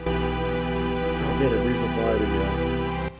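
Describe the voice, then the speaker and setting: A man's voice: medium pitch, brisk, music in the background. Joking man playing a game with a friend. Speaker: let's play host. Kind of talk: casual chat, reading game lines aloud.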